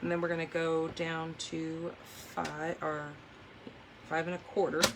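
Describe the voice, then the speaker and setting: A woman's voice: low-pitched, measured pace, noisy background. Chatty woman hosting a craft livestream. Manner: chatty, animated storyteller, says "oh my gosh" and "like" a lot. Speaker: papercraft livestream host. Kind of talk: casual chat while demonstrating card making.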